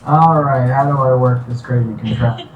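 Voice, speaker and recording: A man's voice: medium pitch, normal speed, highs cut off. A man being interviewed about his game studio, jokey and upbeat in casual talk. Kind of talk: casual interview over a call. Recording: distant echoey mic with faint noise.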